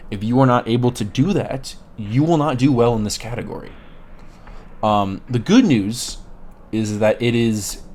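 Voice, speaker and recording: Male video host, low-ish voice, blunt, profane, opinionated delivery. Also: a little mellow, slight background noise. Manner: blunt, swears casually, opinionated. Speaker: collectibles video creator. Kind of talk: casual commentary to camera.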